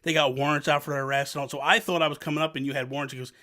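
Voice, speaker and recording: A man's voice: mid-range voice, rapid-fire, hardly any pauses. A young man from New Jersey telling a self-mocking story to camera, acting out what others said. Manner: animated, self-mocking, acts out quotes. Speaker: vlogger.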